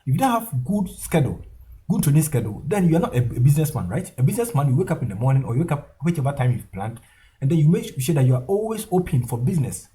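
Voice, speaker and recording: A forex trading instructor runs a screen-share tutorial over a chart, talking fast in a slightly high, sing-song voice with a dark tone. He hammers his points home through repetition and keeps tacking "okay?" and "guys" onto his lines.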